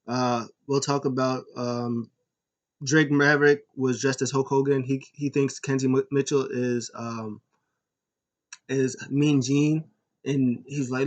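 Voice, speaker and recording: Rambling, excitable man chatting casually. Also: medium pitch, slow pace. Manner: rambling, full of fillers and restarts; enthusiastic fan. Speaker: podcast host. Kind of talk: casual recap chat.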